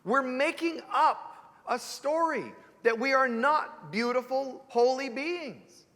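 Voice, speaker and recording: A man giving an animated sermon as a spiritual teacher, joking and asking rhetorical questions. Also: extremely high pitch, takes it slowly, big-room sound. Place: church sanctuary.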